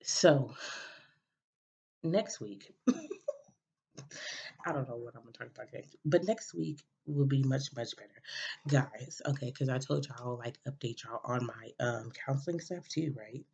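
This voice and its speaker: A woman's voice: rumbling low, measured pace, gravelly, pauses often, dark tone, slightly rough. A woman hosting a podcast, telling a personal story in a rambling casual way, full of fillers and restarts. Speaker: podcast host. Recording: dull lo-fi recording.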